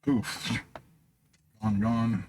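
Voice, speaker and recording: A man's voice: fairly low pitch, level tone, extremely slow, darkish tone, slight background noise. A man playing a tabletop game, making short offhand remarks. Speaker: player. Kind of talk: casual tabletop game chat.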